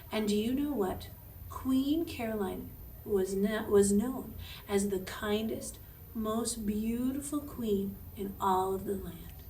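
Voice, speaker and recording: A woman music teacher telling a story to children in an animated way, often asking the listener questions. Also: high-pitched, slight background noise. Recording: echoey room, from far off.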